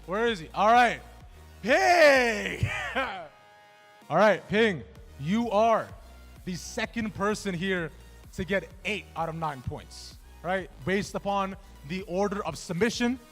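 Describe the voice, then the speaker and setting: A man's voice: high voice, a little slow, fairly bright tone, soft background music. A man hosting a trivia game at a gaming event, bantering casually and jokingly with contestants in a large indoor venue. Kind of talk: live event emceeing.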